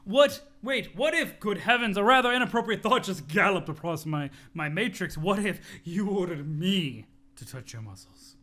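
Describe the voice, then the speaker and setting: A brash, muscle-proud young guy, as a male reader puts him on bellows for attention in a high, swooping, bright voice. He commands and brags nonstop and chokes back his own swearing mid-word. It sounds like a storybook reading done with gusto. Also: expressive, moderate pace, few pauses. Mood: demanding. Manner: bellowing, bossy, swallows his own curse words. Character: boastful muscle-obsessed young man, loud and pushy.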